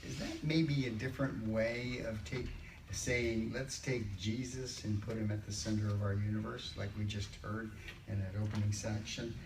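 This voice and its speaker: A man's voice: on the low side, fairly even intonation. Older male study-group leader, conversational, in a roomy space and heard from a distance. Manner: conversational, slows down to read scripture. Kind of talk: Bible study discussion. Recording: roomy, distant mic, faint background noise.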